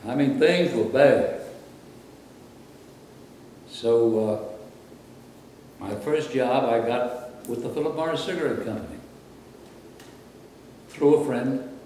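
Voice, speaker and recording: An older man from Brooklyn tells rambling stories of his working life in a mellow, relaxed voice. He sits back from the microphone in a very echoey room, and a faint hum lies underneath. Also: mid-range voice, slow, pauses often, distant mic. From Brooklyn, New York. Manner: rambling, anecdotal, conversational. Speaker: interviewee, former radio announcer. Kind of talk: reminiscing interview.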